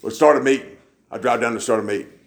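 Preacher guy, gravelly voice, folksy storytelling in church, does everyone's voices. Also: medium pitch, quick pace. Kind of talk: sermon storytelling.

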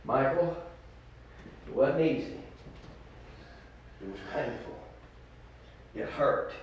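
A man preaching a testimony sermon, swinging from shouts to hushed talk. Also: mid-range voice, expressive, slow pace, highs cut off, a little hiss or hum. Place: church hall. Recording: echoey hall from far off.

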